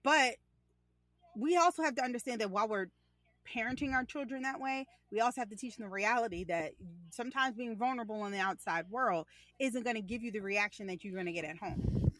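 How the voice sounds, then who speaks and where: A young woman in casual conversation as a podcast co-host, telling animated stories and acting out her child's lines. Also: fairly high pitch, brisk, no echo.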